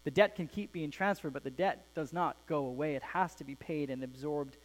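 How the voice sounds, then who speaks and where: A man preaching a sermon as pastor of a church, reading a story aloud and explaining it in an earnest way that softens at the ends of phrases. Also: on the high side, fairly quick, low-quality recording.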